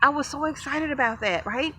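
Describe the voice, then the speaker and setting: Excitable woman touring her garden. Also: high-pitched, a little fast. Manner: chatty, excitable, addresses viewers often, laughs easily. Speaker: homesteader showing her garden. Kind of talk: casual garden tour vlog. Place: outdoor vegetable garden.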